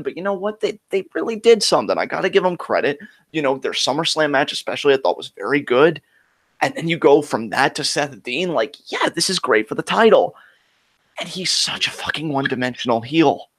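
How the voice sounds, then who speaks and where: A man's voice: fairly high pitch, a bit bright. A man co-hosting a wrestling talk show, ranting with frustration and heavy swearing. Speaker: wrestling podcast co-host. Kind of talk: heated casual chat.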